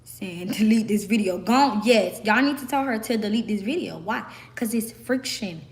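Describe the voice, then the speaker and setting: A young woman from the American South with a Southern accent, hoarse from screaming, ranting sassily and emphatically to camera. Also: fairly high pitch, normal speed. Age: young adult. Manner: sassy, emphatic, repeats herself. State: hoarse, voice worn out. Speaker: vlogger.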